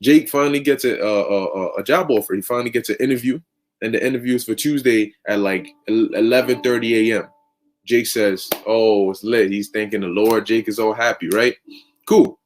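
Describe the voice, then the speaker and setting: A man's voice: lowish voice, a little fast. A man preaching through a long story in casual, slangy, conversational talk. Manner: conversational, lots of fillers and restarts, slang.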